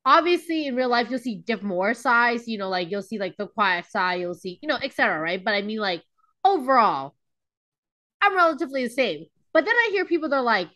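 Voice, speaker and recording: A woman's voice: fairly high pitch, big pitch swings, a little fast, pushed and bright. A woman co-hosting a podcast in casual chat, chatty and storytelling, acting out what people say. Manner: chatty, storytelling, acts out quotes. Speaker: podcast co-host.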